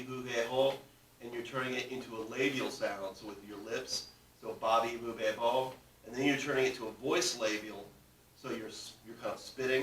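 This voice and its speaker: A man's voice: mid-range voice, fairly bright tone. A man teaching a class, explaining step by step and often checking that students follow. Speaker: language teacher. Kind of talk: classroom lesson. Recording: roomy, distant, faint background noise.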